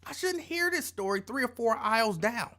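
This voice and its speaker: A man's voice: very high voice, normal speed. A man hosting his own live show, chatting casually in a rambling, playful, colloquial way and repeating phrases for emphasis. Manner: animated, rambling,喜 playful storytelling. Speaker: show host. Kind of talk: casual live-stream rant.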